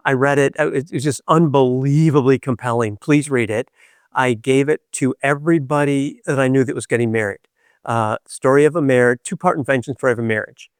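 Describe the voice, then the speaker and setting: Man, podcast host, reflective spiritual storytelling, animated and playful, hesitant fillers, middle pitch. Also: brisk, clean tone, no echo, clean studio sound.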